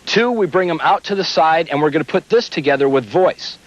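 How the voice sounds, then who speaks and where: A man instructing beginners on umpire mechanics, explaining each step in a steady, methodical way. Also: fairly high pitch, a little fast. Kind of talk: instructional demonstration. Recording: dull lo-fi old video audio.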